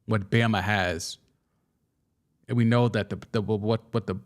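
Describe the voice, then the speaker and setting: A young man hosting a casual sports talk show, excitedly giving his takes and answering viewer comments, often restarting and stumbling over his words. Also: lowish voice, measured pace. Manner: excitable, with frequent restarts and stammers. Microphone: studio microphone.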